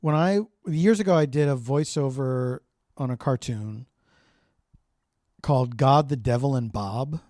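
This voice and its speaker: A woman with a low voice, chatting easily on a home podcast. She mostly listens and encourages, with the odd story of her own. The sound is close and dry. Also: a little slow, no echo. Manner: relaxed, supportive listener with many "mm-hmm"s. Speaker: podcast co-host. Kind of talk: casual chat.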